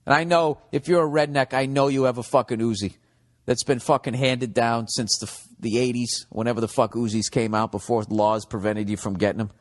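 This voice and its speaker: A man's voice: medium pitch, fairly even intonation, fairly quick, big-room sound. Man ranting profanely on a podcast. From United States. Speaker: comedian and podcast host. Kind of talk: comedic podcast monologue.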